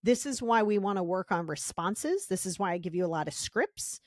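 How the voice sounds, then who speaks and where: A woman hosts a self-help podcast with an emphatic delivery. She repeats words for stress and breaks into quick acted-out voices. Her mid-pitched voice sits in a dry, close recording. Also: expressive, no echo. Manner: emphatic, acts out little scenes in quoted voices. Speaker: podcast host.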